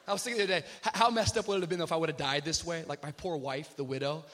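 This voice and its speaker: A man preaching a sermon, telling a funny personal story and acting out the voices with shouts. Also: a little high, brisk, a little hiss or hum. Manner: animated storyteller, acts out shouted quotes. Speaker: pastor.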